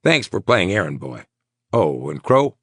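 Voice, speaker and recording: A man voicing a nervous, sweating male mayor, talking in tense, insistent rapid bursts. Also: low-pitched, sing-song, slightly rough, dry recording, clean studio sound, heavily acted. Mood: worried.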